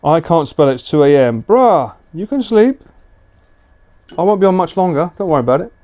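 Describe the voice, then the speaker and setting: A man streaming live from home late at night, chatting casually and slipping into high sing-song baby talk for a dog. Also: very animated, moderate pace, warm tone.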